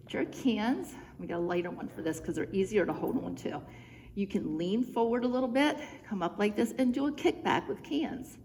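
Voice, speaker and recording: A woman fitness instructor talking viewers through simple home exercises, chatty and encouraging, a bit out of breath from moving along with them. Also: medium pitch. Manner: encouraging, chatty, cueing moves step by step. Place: church room, indoors. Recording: reverberant room with faint background noise.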